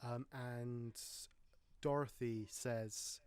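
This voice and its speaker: A man's voice: mid-range voice, fairly even intonation, very slow, darkish tone, clean tone, dry recording. A man hosting a casual film podcast, talking in a chatty, rambling way with wry jokes. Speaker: podcast host.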